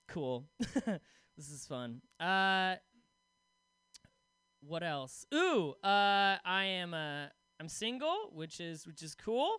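A young man performing a stand-up set in a high voice that leaps around the scale. He rambles and pokes fun at himself, stacking up fillers as he goes. His tone is bright and smooth, and the sound is dry and close. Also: very animated, slow, long pauses, dry recording. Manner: rambling, self-deprecating, many "like" fillers. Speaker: stand-up comedian.

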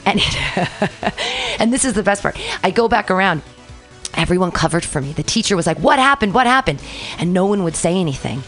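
A woman comedian, a guest on a podcast, talking at length in an effusive, loud, storytelling way. Her voice sits a little low for a woman. Soft music plays faintly behind her. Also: a little fast. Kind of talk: casual podcast chat.

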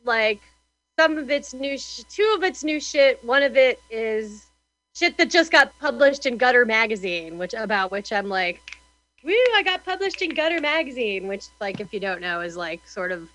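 A woman's voice: on the high side, moderate pace, fairly bright tone, no room sound, low-quality recording. A woman hosting a radio show, chatting casually and rambling with many fillers and restarts. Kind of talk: casual chat.

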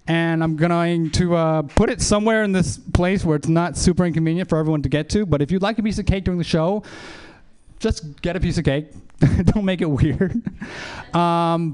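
High, smooth-voiced man doing stand-up. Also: darkish tone. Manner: self-deprecating, rambling with fillers. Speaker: stand-up comedian and show host. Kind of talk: stand-up comedy set. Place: small comedy venue with live audience.

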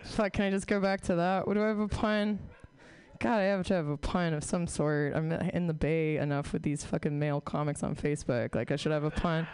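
A woman's voice: sits low, steady tone, a little fast, darkish tone, clear, resonant tone. A woman in her thirties doing a rambling, profane, self-deprecating stand-up set on stage. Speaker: stand-up comic. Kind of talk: stand-up set, casual riffing.

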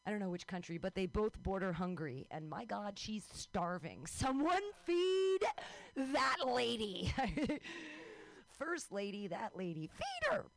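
A woman's voice: mid-range voice, sing-song, normal speed, few pauses, no room sound. A woman in her thirties hosting a comedy show, riffing sarcastically and introducing comedians. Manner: sarcastic and rambling.

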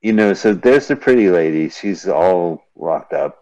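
A man's voice: low-pitched, expressive, measured pace, mellow. A man casually riffing with a co-host over an old silent film, explaining scenes between wry jokes. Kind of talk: casual banter over a movie. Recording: dull lo-fi radio stream.

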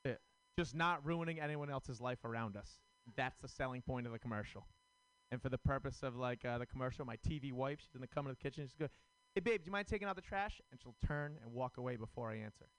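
A man's voice: mid-range voice, fairly even intonation, quick pace, low-quality recording. A man doing a stand-up comedy set on a club stage, rambling and self-deprecating, with many fillers. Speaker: stand-up comic.

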